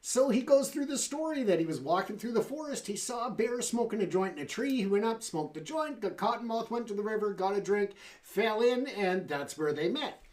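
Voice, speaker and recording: A man's voice: high voice, animated, fairly quick, hardly any pauses, a little mellow. A man hosting a talk show, speaking conversationally with fillers and friendly asides to the audience. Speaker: show host. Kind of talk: casual talk show monologue.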